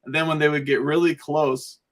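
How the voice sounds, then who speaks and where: A man's voice: fairly high pitch, level tone, brisk. A man guesting on a podcast, telling stories in a rambling, casual way and laughing often between phrases. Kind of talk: casual chat.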